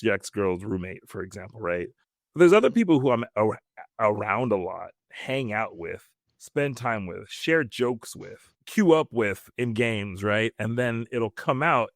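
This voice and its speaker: A man co-hosting a casual podcast, talking quickly and thinking out loud with fillers and restarts. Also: lowish voice, dry recording, clean studio sound. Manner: quick, self-reflective, many fillers and restarts. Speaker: podcast co-host. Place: podcast studio.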